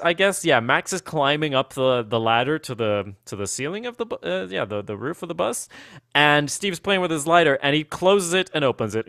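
A man co-hosting a podcast, rambling and animated in casual chat, with many restarts. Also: fairly high pitch, dry recording, clean studio sound. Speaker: podcast co-host.

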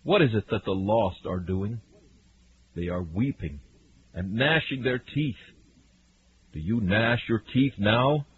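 A man preaching a fiery sermon, swinging from hushed warnings to loud cries. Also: on the low side, animated, slow pace, pauses often. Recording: narrow lo-fi radio broadcast with faint hiss.

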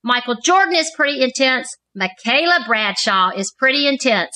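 A woman with a high, bright voice reads a prepared introduction for a podcast guest. She lands each trait in the list with deliberate emphasis. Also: lively intonation, low-quality recording. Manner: measured, emphatic reading of lists of traits. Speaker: co-host. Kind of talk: scripted narrated introduction.

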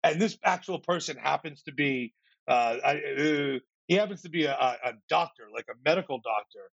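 A man guest on a podcast, telling an animated story in casual speech, acting out other people's lines and tripping over repeated words when excited. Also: fairly high pitch, moderate pace, creaky, dry recording. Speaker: podcast guest, startup founder. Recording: slightly muffled, dry.

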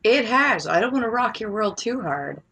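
A woman co-hosting a casual gaming podcast, playful and drawn-out, with many filler words. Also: on the high side, lively intonation, over a noisy crowd. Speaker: podcast co-host.

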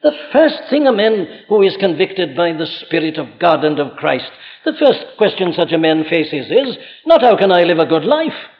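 Male preacher, fairly high voice, insistent rhetorical delivery, muffled archival church recording. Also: very animated, moderate pace, few pauses, long reverb tail. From Wales. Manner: earnest, insistent, rhetorical questions. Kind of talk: evening sermon.

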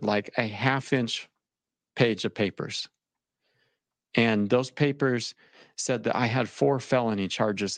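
Gravelly low-voiced man, halting. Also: no echo. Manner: halting, repeats words, shaken. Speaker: interviewee recounting his experience. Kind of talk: emotional personal account.

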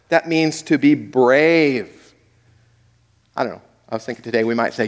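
A male pastor preaching a sermon, dramatic, swinging between loud and hushed, asking the audience questions. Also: fairly high pitch, expressive, normal speed. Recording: echoey hall with long reverb.

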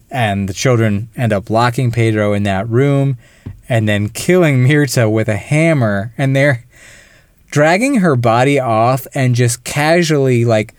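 A man's voice: medium pitch, measured pace, smooth, no room sound. A man co-hosting a casual film podcast, retelling a plot in detail and acting out the characters' lines. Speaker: podcast co-host.

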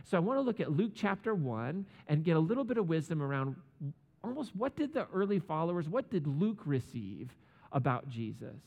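A man's voice: fairly high pitch, big pitch swings, moderate pace, creaky, darkish tone. Joking man preaching in a hall. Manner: casual and joking, acts out quotes. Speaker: pastor. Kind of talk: conversational sermon. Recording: long hall reverb.

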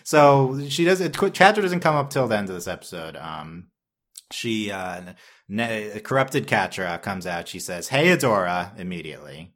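A man's voice: on the low side, big pitch swings, moderate pace, a bit bright. A man co-hosting a podcast in casual chat, rambling and restarting his sentences and laughing often. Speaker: podcast co-host.

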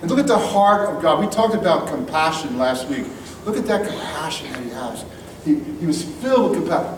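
A man's voice: fairly high pitch, animated, brisk, slight background noise. A man pastor giving a sermon in a blunt, casual, emphatic way. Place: church hall. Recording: echoey room, mic at a distance, faint music.

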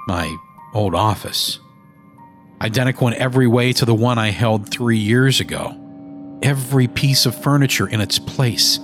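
A man narrating a first-person horror story in a measured, brooding manner. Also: mid-range voice, over music.

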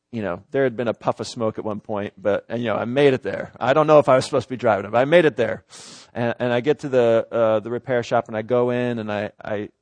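A middle-aged man who is a pastor, telling a personal story in a sermon with lively, acted-out exasperation. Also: mid-range voice, no echo. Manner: animated storyteller, acts out his own exasperation.

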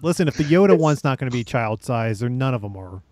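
A man's voice: mid-range voice, expressive, fast talker, darkish tone, no echo. A man in a casual podcast chat, dryly teasing the others.

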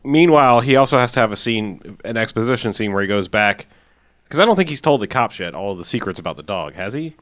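A man's voice: on the low side, expressive, fast, fairly bright tone, dry recording. Man recapping a movie, dry sound. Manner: recaps the plot and corrects the scene order. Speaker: podcast co-host. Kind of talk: casual movie recap chat.

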